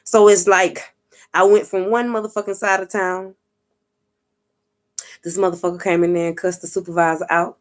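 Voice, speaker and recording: Her voice on the low side, moderately paced and full of pauses, a woman vlogger and spiritual reader spins a casual, profane story. She's animated, playing out others' lines in street talk and often asking viewers "you get what I'm saying."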